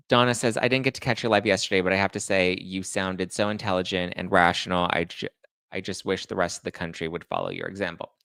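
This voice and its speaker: A man hosting a casual chat show, reading viewer comments aloud and answering them with sarcastic, animated remarks. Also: low-pitched, a little fast, clear, resonant tone, no room sound, studio quality. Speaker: host.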